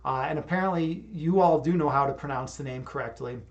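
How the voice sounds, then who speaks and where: A man's voice: fairly high pitch, fairly quick, dull audio. A young man hosting a livestream, chatting casually and reading viewer comments, rambling and repeating words, hyped up after a yoga session. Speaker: livestream host.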